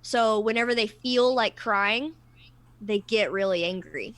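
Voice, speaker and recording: A woman co-hosts a discussion livestream in a relaxed panel format, talking through ideas thoughtfully with personal examples and restarting often. Her voice is medium-pitched, slightly slow and a bit bright, and the recording is dry.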